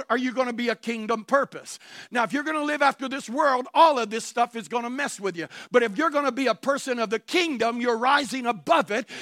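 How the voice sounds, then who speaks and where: A male pastor preaching a sermon to his congregation, full of rhetorical questions and bursts of shouting. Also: extremely high pitch, no echo, clean studio sound. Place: church sanctuary before a congregation.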